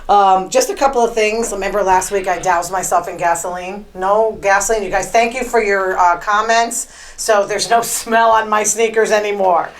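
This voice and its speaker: On a low-quality recording, a woman podcast host speaks at a moderate pace with medium pitch and fairly even intonation. Her casual monologue wanders through stories about her week, full of fillers and chatty asides.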